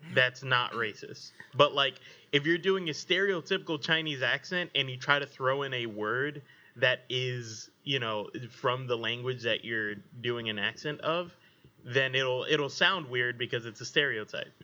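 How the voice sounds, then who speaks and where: A man co-hosting a casual podcast chat, animated, rambling and profane. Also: mid-range voice, a little slow, muffled recording.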